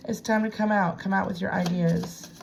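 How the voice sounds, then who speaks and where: A tarot reader with a medium-pitched, steady, creaky voice chats to herself at normal speed during a casual reading at home by a piano desk, drifting into hushed whispers. Audio is poor, with slight background noise.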